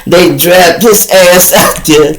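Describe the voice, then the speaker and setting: A man hosting his show, telling a story in a casual, animated, profane way and laughing between lines. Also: high-pitched, takes it slowly, a little hiss or hum, low-quality recording. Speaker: show host.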